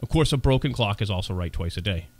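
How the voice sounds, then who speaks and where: Talk radio host, man, quick and animated, bantering and self-deprecating, dry studio sound. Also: on the low side, no echo. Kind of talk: radio interview.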